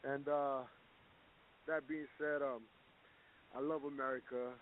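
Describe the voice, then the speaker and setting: A man's voice: mid-range voice, flat delivery, measured pace, slight background noise. Man of Mexican origin, blunt and rambling, profane, tinny phone-like audio. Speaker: boxer, guest segment. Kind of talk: casual recorded opinion segment.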